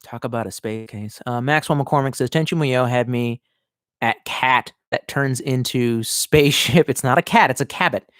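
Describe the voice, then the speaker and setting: Reading comments from viewers during a live stream, a man in his thirties rambles, swears a lot, and pokes fun at himself. He speaks at a moderate pace in a medium-pitched, smooth, slightly bright voice, and the recording is dry and studio quality.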